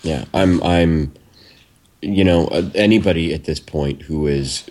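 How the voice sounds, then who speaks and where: A man's voice: a bass voice, unhurried, a little mellow. A man co-hosting a casual political talk show, blunt and profane, talking emphatically. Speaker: co-host.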